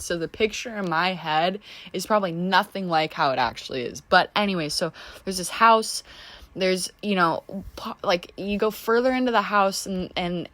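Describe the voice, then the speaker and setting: A woman's voice: fairly low pitch, a bit bright, no echo. A young American woman vlogger chatting casually while she draws, rambling with lots of "like" and restarts. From United States. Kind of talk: casual chat while drawing.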